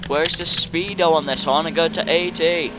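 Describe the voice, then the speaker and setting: A young man doing excitable, casual commentary over a game he plays. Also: a little high, moderate pace, background noise. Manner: excitable, yelps and laughs at the game. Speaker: gaming YouTuber.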